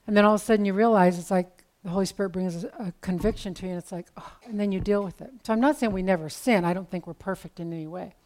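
A woman's voice: mid-range voice, fast talker, few pauses, a little mellow. A woman preaching a sermon in a conversational, storytelling way with casual asides.

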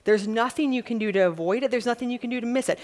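A woman's voice: on the high side, fast talker. A woman preacher giving a sermon in a conversational, plain-spoken way, repeating her key points. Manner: lively, acts out quotes in a mock-panicked voice.

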